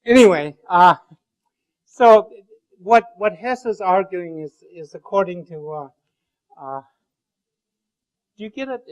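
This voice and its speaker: Male lecturer, slightly raised pitch, digressive and jokey, stumbles and restarts often in front of a class. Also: expressive, low-quality recording. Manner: rambling and joking, with many halting restarts. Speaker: university lecturer.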